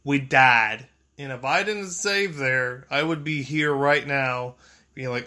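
Excitable, profane gamer guy. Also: mid-range voice, slow. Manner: excitable and profane, yelling when panicked. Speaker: let's play host. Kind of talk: gameplay commentary.

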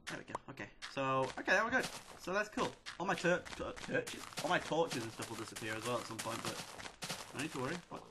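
A man hosting a casual let's-play video, excitedly chattering at the characters in his game. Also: medium pitch, quick pace. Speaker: gaming video host. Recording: loud steady background noise.

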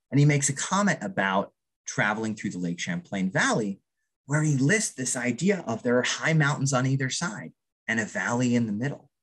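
Speaking in a fairly low voice with a breathy edge, this Northeast Kingdom, Vermont man lectures a public audience on archaeology. He's enthusiastic and keeps tagging lines with "right?".

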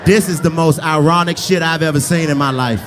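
A brash male stand-up comic works the room on a handheld mic, his voice sitting a bit high as he yells and curses. A packed club crowd roars and laughs clearly behind him. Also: a little fast. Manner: brash, loud, often yelling and cursing. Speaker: stand-up comedian. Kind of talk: crowd-work stand-up roast. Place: live comedy club ballroom. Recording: live club with crowd noise.

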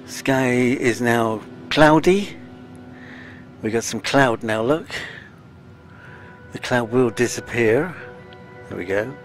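This game streamer's voice is mid-range, and he talks slowly with frequent pauses. His let's-play commentary is casual and chatty, full of sighs and self-talk, and he's slightly breathless over faint game music.

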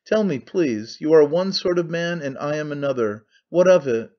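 A man reading an audiobook, voicing an excitable, scheming young conspirator who talks fast and wheedles. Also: on the high side, lo-fi sound, natural voice. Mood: persuasive. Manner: fast-talking, wheedling, sly.

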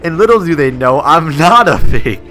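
A young man giving energetic gameplay commentary as a gaming YouTuber, excitable, laughing often and repeating himself rapidly when panicked. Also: a little high, soft background music.

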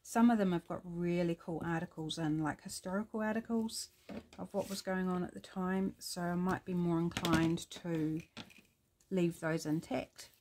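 A woman's voice: on the low side, steady tone, normal speed, a little mellow, slight background noise. Chatty New Zealand woman crafting. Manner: rambling, many ums, thinking aloud while working. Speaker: craft vlogger. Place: home craft desk.

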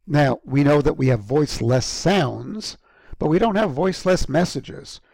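A man delivers a university lecture into a close microphone, his slightly raised voice carrying a gravelly edge. He talks haltingly, with frequent ums and restarts, and keeps clearing an irritated throat. The sound is dry. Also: fairly high pitch, a little mellow, dry recording.

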